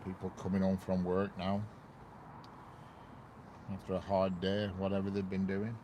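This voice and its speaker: A man's voice: low voice, completely flat delivery, moderate pace, dull audio, slight background noise. A man from the north of England, chatting casually on a live stream from his parked car and greeting viewers by name in a rambling way. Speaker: railway livestreamer. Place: parked car near a railway bridge. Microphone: wireless clip-on mic inside car.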